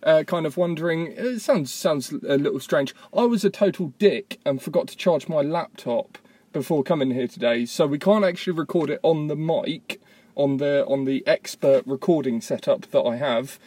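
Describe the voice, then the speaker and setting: Chatty man with a brightish voice. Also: fairly high pitch, moderate pace. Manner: rambling, self-mocking, chatty. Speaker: podcast host. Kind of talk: casual podcast chat. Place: parked car. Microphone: tablet voice memo app.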